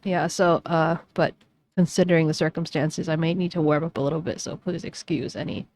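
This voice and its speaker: A woman's voice: low-pitched, steady tone, brisk, a little mellow, slight background noise. A woman streaming a game, chatting casually and rambling with self-mocking jokes. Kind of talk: casual gaming commentary.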